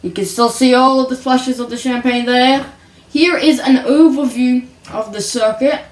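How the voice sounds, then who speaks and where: A woman giving playful, excitable mock race commentary on a video game, sometimes singing her calls. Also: high voice, moderate pace, echoey room, distant mic.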